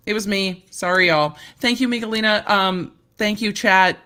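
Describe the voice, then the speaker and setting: A woman legal commentator livestreams casually from a hotel room, laughing and joking about her own mishaps. Her medium-pitched voice is bright and forceful, and she talks briskly with hardly any pauses. She's chatty and self-deprecating throughout.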